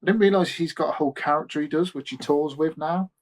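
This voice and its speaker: A man's voice: fairly high pitch, quick pace. A man co-hosting a podcast in casual chat, rambling through anecdotes and trailing off mid-sentence. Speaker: podcast co-host.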